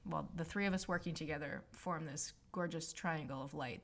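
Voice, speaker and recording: Woman healer rambling through a story, low voice, bit of fry. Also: normal speed. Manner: rambling, emotional, filler-heavy. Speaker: spiritual healer. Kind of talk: casual storytelling monologue.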